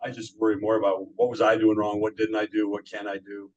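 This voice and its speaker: Modest male interview guest, low voice, lo-fi recording; reflective and halting. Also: completely flat delivery, darkish tone. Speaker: guest, former pro bodybuilder. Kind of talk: casual interview chat.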